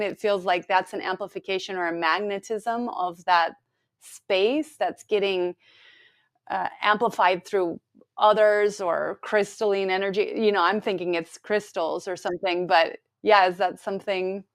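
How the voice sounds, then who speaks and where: A woman from California, a guest in a casual spiritual conversation, speaking reflectively and searching for words. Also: mid-range voice. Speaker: guest sharing her spiritual journey.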